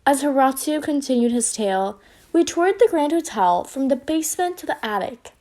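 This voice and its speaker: A woman reading a children's storybook aloud in an expressive, lively way. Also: sits high, normal speed.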